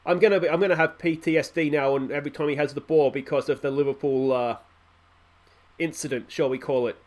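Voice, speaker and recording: A man's voice: on the high side, fairly even intonation, fast talker. A young man with an Australian accent commentating his own football management game in a chatty, self-mocking way. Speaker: gaming YouTuber. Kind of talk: let's play commentary.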